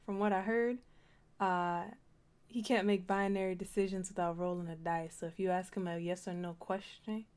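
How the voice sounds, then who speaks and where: A woman's voice: lowish voice, fairly even intonation, moderate pace, a little mellow, smooth. A woman chatting casually and giving her opinions. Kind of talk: casual chat.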